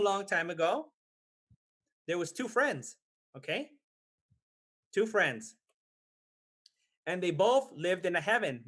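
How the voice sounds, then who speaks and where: A man's voice: high-pitched, fairly bright tone. A man in his thirties leading a guided breathing practice and a Dhamma talk, patient and checking in with listeners often. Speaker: meditation teacher. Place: temple hall.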